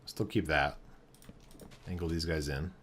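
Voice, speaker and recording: A man with a very deep, low voice talks through a building project in a game, thinking aloud as he goes. His delivery is relaxed and halting, with fillers and restarted phrases. A faint hum sits in the background. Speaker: game streamer. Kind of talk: casual commentary while building in a game.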